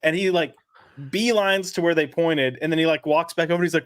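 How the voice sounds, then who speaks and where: A man's voice: on the high side, fairly quick, dry recording, studio quality. A man telling a rambling story in a casual panel chat and acting out the people in it. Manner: rambling storyteller, acts out the people in his stories. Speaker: panel guest.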